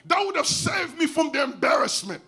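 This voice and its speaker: A middle-aged man with a Haitian accent preaching a storytelling sermon. He switches between languages and raises his voice to shout for emphasis. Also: very high voice, very animated, moderate pace. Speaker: pastor.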